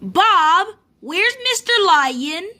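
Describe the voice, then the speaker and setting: An eager little girl bear cub from a storybook squeals with excitement, as a woman reading aloud puts her on. The voice sits very high and swoops about brightly. She talks slowly and keeps the sound lively and sharp. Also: full character voice. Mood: excited.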